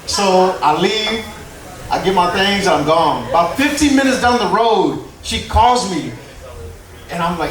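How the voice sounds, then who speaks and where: A man's voice: high-pitched, lively intonation, a little slow, a bit bright, distant mic. A young man from Houston doing a stand-up comedy set, loose and conversational, laughing at his own punchlines. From Houston, Texas. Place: comedy club stage before a live crowd. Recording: roomy club recording with crowd noise.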